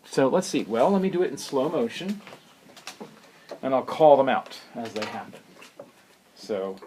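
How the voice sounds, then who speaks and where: A man giving a spoken piano lesson, unhurried and thoughtful, who sings rhythms and counts beats aloud. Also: mid-range voice, big pitch swings, warm tone, a little hiss or hum. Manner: unhurried, thoughtful, with many fillers. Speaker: piano teacher.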